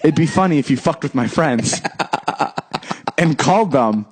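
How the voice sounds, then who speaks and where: A man's voice: a little high, animated, a little slow, breathy edge. A young man co-hosting a podcast, telling a story in a casual, teasing and joking way. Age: young adult. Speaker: podcast co-host.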